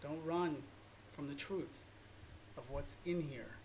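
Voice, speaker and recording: A man's voice: on the high side, slow, darkish tone, slight background noise. A man teaching a drawing lesson, talking in an earnest, emotional and rambling way. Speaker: art teacher. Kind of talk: informal drawing lesson monologue.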